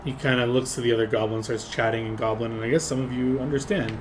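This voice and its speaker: A man narrating a tabletop game as game master, casual and relaxed. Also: mid-range voice, fast, noisy background.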